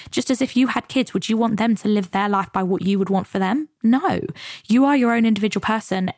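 Medium-pitched with a darkish tone, this British podcast host reflects on her own about goals and coaching, sounding chatty, earnest and motivating. The recording is studio quality with no echo.

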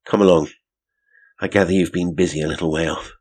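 A man reading a story voices a confident young male detective who speaks coolly and briskly, in a low husky voice. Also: fairly even intonation, a little mellow.

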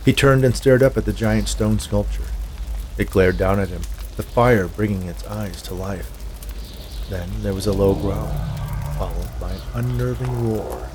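A man narrating a scripted horror story in a measured way. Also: on the low side, noisy background.

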